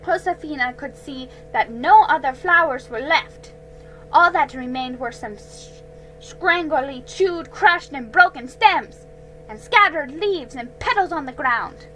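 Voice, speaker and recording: A woman reading a children's storybook aloud, slow and careful, with small slips she corrects. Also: sits high, animated, fairly bright tone, faint music behind, low-quality recording.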